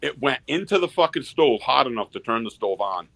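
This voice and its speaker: A man's voice: mid-range voice, animated, a little fast, vocal fry, fairly bright tone. A man telling rambling, profane stories in a casual backstage chat.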